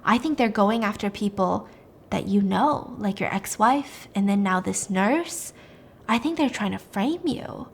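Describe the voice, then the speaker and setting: A woman voicing a male detective who speaks in a low-key, matter-of-fact, hushed way. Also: expressive, measured pace, vocal fry, a little hiss or hum. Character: cool, knowing male detective.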